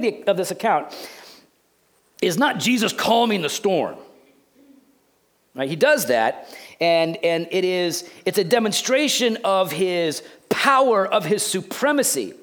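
A man in his forties preaching a sermon as a pastor, conversational and jokey, swinging from loud outbursts to hushed, near-whispered lines. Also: mid-range voice.

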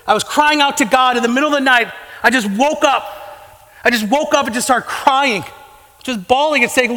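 Fervent preacher, male, high and bright, in a reverberant church hall. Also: normal speed. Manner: fervent, rising to impassioned pleading. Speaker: pastor. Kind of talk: sermon.

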